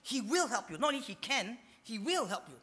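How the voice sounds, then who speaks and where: Bright-voiced preacher with a Singaporean accent. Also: mid-range voice, very animated, brisk, big-room sound. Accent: Singaporean English. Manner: emphatic, asks and answers rhetorical questions. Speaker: pastor. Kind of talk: sermon.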